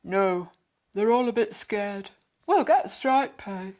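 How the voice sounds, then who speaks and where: A worried working husband, as a woman reader puts him on in a storybook reading, speaking a little lower and louder than her narration. He talks in a steady, reassuring way, slow and patient. The words come out unhurried.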